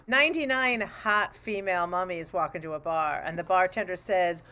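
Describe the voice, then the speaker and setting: A woman improv performer telling quick jokes in an animated way on a video call, laughing between punchlines. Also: on the low side.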